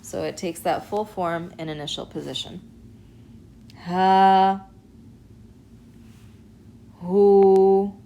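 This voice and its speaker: A woman teaching an Arabic alphabet lesson, explaining and demonstrating sounds in a patient, clear way. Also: low voice, a little mellow, a little hiss or hum, low-quality recording. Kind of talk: recorded online lesson.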